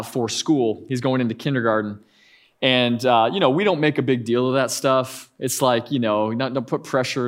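A man in his thirties, a pastor preaching a conversational sermon with frequent asides and restarts. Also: mid-range voice.

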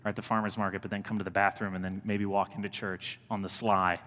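A male pastor in his thirties delivers a sermon in a casual, heartfelt manner and leans on repetition to drive points home. His voice sits on the low side. The sound carries the long reverb of a large church sanctuary. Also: little pitch movement, fast, a bit bright. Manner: earnest, conversational preaching with emphatic repetitions.

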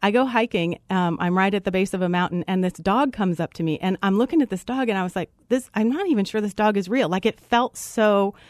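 A woman guest telling a personal faith story in an animated way, acting out what was said. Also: brisk, hardly any pauses, dry recording. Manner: expressive, acts out quotes with big pitch jumps.

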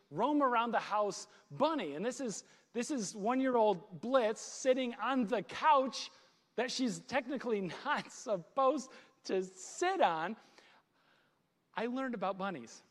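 A man's voice: sits high, long reverb tail. A man, a dad, preaching a sermon, telling funny home stories and laughing at himself. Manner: storytelling with laughs and self-deprecating asides. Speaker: pastor.

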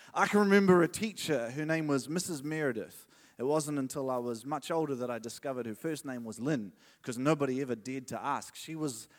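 Brief: a chatty man preaching a lighthearted sermon, voice sits a touch high. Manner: chatty, joking, hyping the crowd. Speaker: pastor. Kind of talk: casual humorous sermon. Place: church hall.

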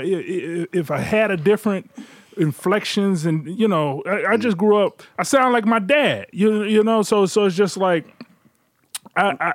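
A man's voice: sits high, a bit bright, no echo, studio quality. A man who is a podcaster and storyteller, talking candidly and emphatically with stammered repeats. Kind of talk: casual roundtable chat.

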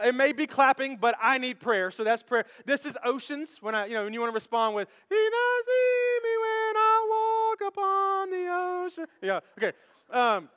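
A man preaching from a church stage with a very high, bright voice. He keeps it playful and conversational, joking with the congregation. The sound rings out with the long reverb of a big hall. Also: clean tone. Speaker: pastor. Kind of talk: sermon.

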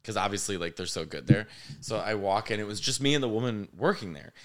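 A man from Chicago, a comedian guest on a podcast, who tells animated stories in casual chat and swears casually. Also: on the low side, fast. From Chicago, United States.

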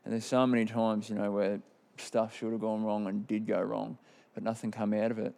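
Telling his personal testimony, an Australian-accented man in his thirties from Queensland rambles candidly with plenty of fillers. His delivery is flat and brisk, his lowish voice gravelly with a darkish tone.

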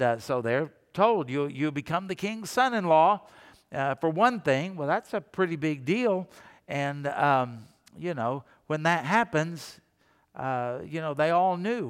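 A man's voice: on the high side, lively intonation, unhurried, clear, resonant tone, in a large hall. A male pastor preaching a sermon in a conversational way, acting out the voices he quotes.

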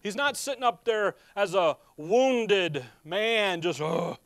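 A man preaching with a high, smooth, resonant voice, recorded close and dry. He rises from hushed asides to loud, urgent cries. He keeps breaking off to look up his scripture references. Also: expressive, slow, dry recording. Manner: often breaks off mid-phrase to look up chapter and verse. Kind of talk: sermon.

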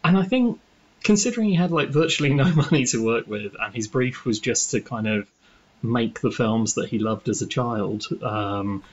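Enthusiastic rambling co-host, man, husky tone, dull lo-fi recording. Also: medium pitch, animated, normal speed. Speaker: podcast co-host. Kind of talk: casual film chat. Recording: muffled lo-fi recording.

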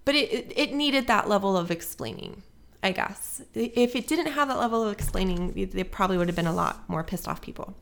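A woman's voice: medium pitch, expressive, a little fast, gravelly, fairly bright tone. A woman co-hosting a casual podcast, telling a story in a loose, chatty way with lots of fillers and frequent swearing. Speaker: podcast co-host. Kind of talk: casual chat, movie review.

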